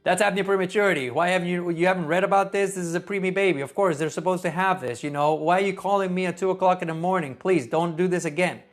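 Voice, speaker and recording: A man voicing an impatient, condescending male doctor on call, scolding in a quick, rushed way. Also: high-pitched, steady tone, close to an everyday voice.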